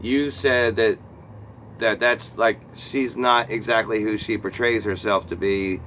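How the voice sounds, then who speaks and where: A man's voice: fairly low pitch, fairly even intonation, measured pace, a bit bright, a little hiss or hum. A man hosting a live stream interview, easygoing and chuckling as he asks questions. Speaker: host.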